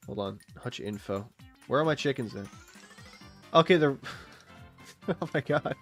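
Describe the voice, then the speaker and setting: A streamer in his late twenties rambles through loose gameplay commentary, swearing freely and chatting with both his viewers and the animals on screen. His middle-pitched, slightly bright voice is animated and swoops up and down a lot, and he speaks unhurriedly with frequent pauses. Faint music plays behind him.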